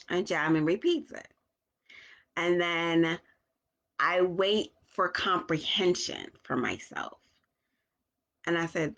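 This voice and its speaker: A mother talking casually to her viewers, halting often with restarts as she slows down to find her words. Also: fairly low pitch, fairly bright tone. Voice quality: slow, deliberate delivery. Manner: halting, with restarts and long pauses. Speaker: parent vlogger. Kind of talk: casual talk to camera.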